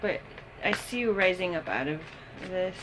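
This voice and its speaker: A woman giving a casual tarot reading, unhurried and thinking aloud with frequent pauses and ums. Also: on the low side, animated, fairly bright tone, a little hiss or hum, low-quality recording. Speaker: tarot reader.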